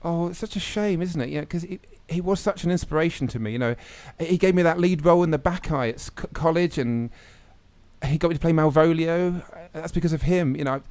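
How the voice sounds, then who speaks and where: A man's voice: a little high, fairly quick, darkish tone, no echo. A man hosting a scripted comedy radio show, flustered and hesitant with many fillers, sometimes mock-solemn.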